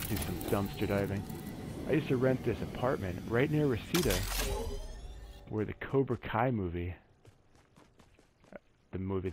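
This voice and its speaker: A man with a fairly low voice talks casually through a solo gaming session, wandering the map and tossing out groaner jokes. His delivery is relaxed and conversational. The recording has clearly audible noise underneath. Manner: chatty, easygoing, cracks corny jokes. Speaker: gaming channel host. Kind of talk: solo gameplay commentary.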